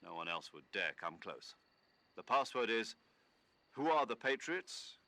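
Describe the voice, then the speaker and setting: An actor playing a stern male commanding officer briefing an agent in a video game, measured and authoritative. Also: on the low side, big pitch swings, gravelly, pushed and bright, no echo, full character voice.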